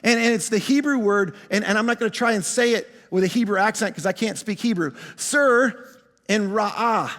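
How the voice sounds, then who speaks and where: A man preaching a sermon, emphatic and full of repetitions, slowing right down to stress key phrases and sometimes calling out to the congregation. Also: high-pitched, fairly bright tone, in a large hall. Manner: emphatic, repeats words, slows down on key phrases. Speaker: pastor.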